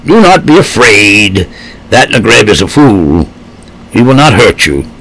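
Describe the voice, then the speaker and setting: A man's voice: fairly low pitch, very animated, unhurried, creaky, bright, forceful tone, slightly rough, voice pushed down, exaggerated voice, poor audio. A man reading a storybook, putting on a kind old woman who speaks broken, heavily accented English. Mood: soothing. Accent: foreign-accented broken English. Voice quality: thick-accented, simple broken phrasing.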